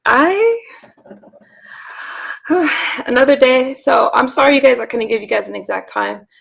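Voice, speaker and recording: Woman, 30s, hoarse and raspy, heavy fry, slightly high pitch; loose rambling livestream host. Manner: rambling, talks to chat viewers, frequent sighs and fillers. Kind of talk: casual livestream chat.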